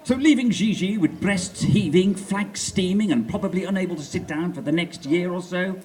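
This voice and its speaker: A man's voice: fairly high pitch, darkish tone, a little hiss or hum. A man reading a bawdy comic story on a festival stage, in a pompous, mock-grand manner.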